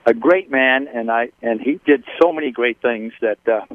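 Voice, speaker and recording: A man's voice: mid-range voice, normal speed, dry recording. A man calling in with a sincere, hesitant tribute. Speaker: caller. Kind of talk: phone-in tribute. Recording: tinny phone line.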